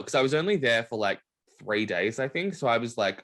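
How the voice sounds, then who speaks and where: A man hosting a podcast, telling a story in casual chat with animated delivery. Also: normal speed. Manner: animated storytelling, lively pitch swings. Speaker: podcast host.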